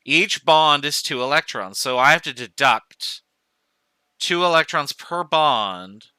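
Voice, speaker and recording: A man with a fairly high-pitched, very bright, crisp and smooth voice gives a recorded chemistry lecture, taking it slowly and speaking expressively. As a professor he talks through the steps aloud, ticking off items and correcting himself. The audio is dry, close and echo-free.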